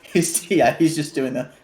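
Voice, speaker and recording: A man's voice: a little high, a little mellow, slight background noise. A man commentating a live game tournament casually, laughing easily and asking his co-commentators questions. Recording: roomy echo on his mic.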